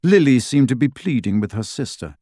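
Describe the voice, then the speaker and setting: Man, audiobook narration, lively, varied pitch, mid voice, dry close sound. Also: no echo. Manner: expressive, measured storytelling. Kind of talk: scripted narration.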